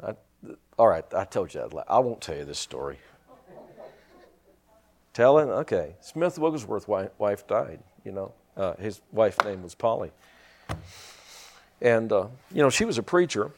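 Lively-voiced male preacher telling stories. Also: fairly low pitch. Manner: storytelling, rising to shouted praise. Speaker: pastor. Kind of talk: sermon.

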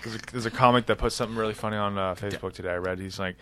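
A man's voice: lowish voice, fairly even intonation, rapid-fire, a bit bright, dry recording. A young man chatting casually as a podcast co-host, rambling and joking with frequent laughter. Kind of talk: casual chat.

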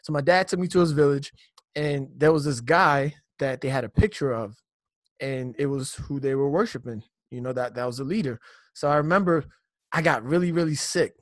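A young man from Nigeria telling his faith story in a casual conversation, animated, full of slang and repeated words. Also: mid-range voice, normal speed, no room sound, studio quality. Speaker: guest. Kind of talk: personal testimony in casual conversation.

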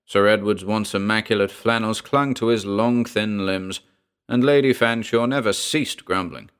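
A man with a lowish voice narrates a short story as an audiobook. He reads in a steady, measured way. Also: smooth.

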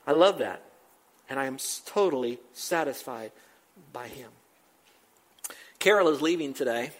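A man's voice: mid-range voice, expressive, a little slow, long pauses. An older man preaching a sermon, emphatic and repetitive, building to rising exclamations. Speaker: pastor.

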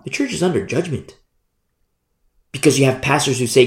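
Gravelly, animated fiery preacher man. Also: a little high, moderate pace, long pauses, echoey room, slight background noise. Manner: fiery, animated, acts out scripture scenes. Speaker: pastor. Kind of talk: sermon.

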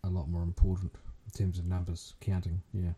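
A New man with a dark, mellow, husky voice talks casually. He hesitates with lots of fillers and pokes fun at himself. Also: deep voice, monotone, fast talker. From New Zealand. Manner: hesitant, many fillers, self-deprecating. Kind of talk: casual chat.

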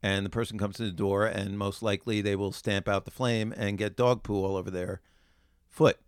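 A man co-hosting a podcast talks in a loose, easygoing way, leaning on fillers as he explains. His voice is smooth and fairly low, recorded close and dry with no room sound around it. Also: level tone, normal speed, no room sound. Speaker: podcast co-host. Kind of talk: casual chat.

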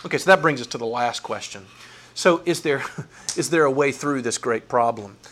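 Male pastor, lively high-leaning voice, animated sermon delivery. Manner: animated, voices Bible figures with playful asides.

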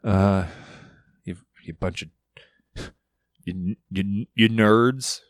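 A man rambling loudly on a casual podcast, swearing as he goes. His voice sits on the low side. The sound is dry and close. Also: very slow, dry recording. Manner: loud, profane, rambling. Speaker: podcast guest. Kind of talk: casual monologue.

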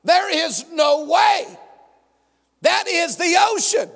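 A frightened prophet begging for help, put on by a man in mid-sermon. The voice climbs very high with a gravelly rasp and a desperate whine. It rings out with a long reverb in a big hall. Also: very animated, slow, fairly bright tone, shouting, full character voice. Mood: pleading. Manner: desperate, whining cry for help. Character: pleading frightened male prophet.

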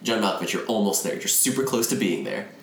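A film podcast co-host with a lowish voice recaps a movie casually at a quick pace, retelling scenes and acting out characters' lines in a raised, animated voice. There's a little hiss or hum, and the room is echoey with faint ambience.

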